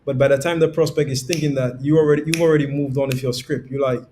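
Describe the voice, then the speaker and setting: Male sales coach, mid pitch, slight rumble behind, animated with quoted examples. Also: fast, few pauses. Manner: demonstrates tones with quoted examples, laughs easily. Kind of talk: conversational podcast explanation.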